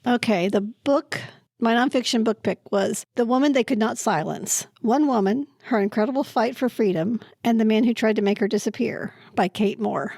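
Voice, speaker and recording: A woman co-hosting a library book podcast, recorded at a library, talking casually and slowly about a book she picked, pausing to search for words. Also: fairly high pitch, vocal fry, a little mellow, dry recording, studio quality. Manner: slow, searching for words, laughing at times. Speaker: podcast co-host presenting a book pick.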